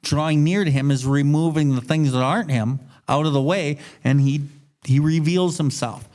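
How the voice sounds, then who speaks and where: A man's voice: fairly high pitch, moderate pace, a little mellow. A man hosting a recovery podcast, speaking emphatically, reading a passage and explaining it in blunt, casual words. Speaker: podcast host.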